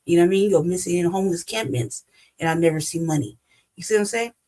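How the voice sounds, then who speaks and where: A woman's voice: fairly low pitch, quick pace, warm tone, poor audio. A woman host with African American English, giving blunt, profane commentary as she reacts to a debate clip. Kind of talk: casual commentary.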